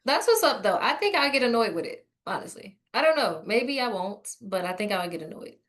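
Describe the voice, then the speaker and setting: A woman's voice: fairly high pitch, very animated, a little fast, a bit bright. A woman hosting a podcast, chatting frankly and teasing her guest. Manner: laughs often, frank and teasing. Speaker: podcast host. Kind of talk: casual podcast chat.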